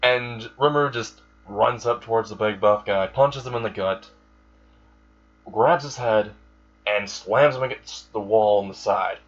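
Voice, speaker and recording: A man's voice: lowish voice, unhurried, slightly rough. A young man casually improvising a fan story, rambling, swearing and correcting himself as he goes. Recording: dull lo-fi recording.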